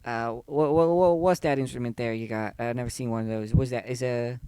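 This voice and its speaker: A man voicing a nosy, suspicious female barkeep who talks in a halting, folksy drawl full of y'all. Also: mid-range voice, steady tone, mellow, clean tone, dry recording, lightly acted. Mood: chatty.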